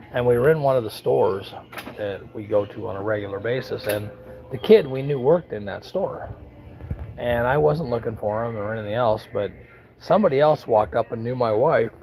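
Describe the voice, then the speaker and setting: An American man in his fifties or sixties vlogs from home, telling stories in a casual monologue that's blunt, folksy and sometimes profane. His medium-pitched voice is gravelly and a little mellow, and the recording quality is low.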